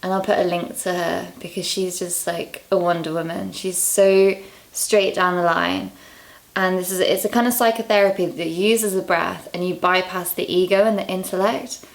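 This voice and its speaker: A young woman from England talking casually to camera in a vlog, candid and quick to laugh at herself, a little out of breath. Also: fairly low pitch, fairly even intonation, gravelly. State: out of breath, low on energy. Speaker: vlogger.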